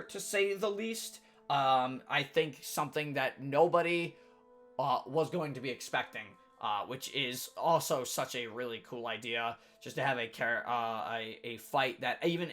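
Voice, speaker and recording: A man, the dungeon master, casually recapping a tabletop game session in a rambling, animated way. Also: mid-range voice. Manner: rambling, many fillers and restarts, animated.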